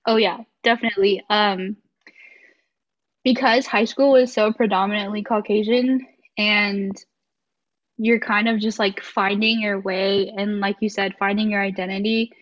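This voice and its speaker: A woman's voice: medium pitch, steady tone, a little slow. Chatty young woman, slightly muffled. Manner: talkative, reflective, frequent likes and ums. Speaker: podcast guest. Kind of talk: casual interview conversation.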